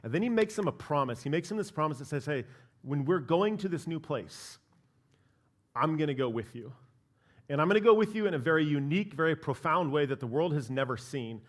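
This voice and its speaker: A man's voice: fairly high pitch, expressive, brisk. A man preaching a sermon as pastor of a church, talking in a casual, conversational way and often checking in with "right?". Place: church sanctuary.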